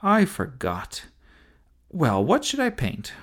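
A bossy little girl who is sure she knows everything, as a man puts her on. Her voice is raised well high and lively, swinging up and down as she lectures her little brother. It is a storybook read-aloud. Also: slow pace, breathy edge, heavily acted. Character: bossy know-it-all young girl.

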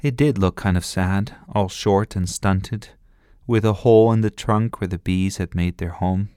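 Slow, deep-voiced male story narrator. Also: dark tone, clean tone, no echo, clean studio sound. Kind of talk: children's story reading.

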